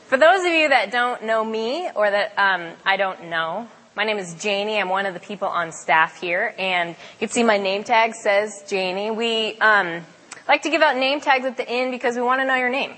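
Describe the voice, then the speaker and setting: A woman's voice: mid-range voice, normal speed, a bit bright. A young woman on a campus ministry staff giving a casual, chatty sermon talk with frequent fillers. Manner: chatty, self-deprecating, with fillers. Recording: long hall reverb.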